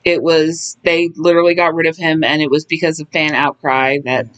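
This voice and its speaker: A woman's voice: sits low, level tone, fairly quick, fairly bright tone, smooth. A woman co-hosting a podcast, recapping wrestling in casual chat, blunt and offhand with many fillers. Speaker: podcast co-host.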